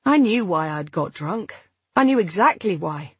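A woman narrating a first-person novel, reading at a measured pace and voicing the dialogue. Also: fairly low pitch, animated, breathy edge, no echo. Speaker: audiobook narrator.

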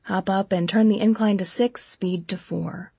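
A man's voice: sits high, steady tone, moderate pace, creaky, warm tone, breathy edge, no echo, heavily acted. A woman voicing a stern, guarded young male fitness trainer who speaks in curt, clipped lines in an audiobook.

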